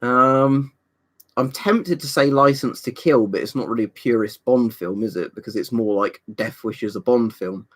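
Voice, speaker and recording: A man's voice: mid-range voice, moderate pace. A young adult man from England chatting casually on a live stream, rambling, swearing freely and answering viewers' questions.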